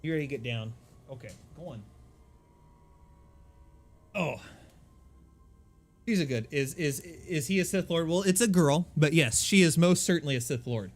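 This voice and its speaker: A man streaming a game from his apartment, chatting casually into a desk mic, self-deprecating and full of quick asides. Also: on the high side, expressive, slight background noise. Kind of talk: casual live-stream chat. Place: home apartment. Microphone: desk microphone.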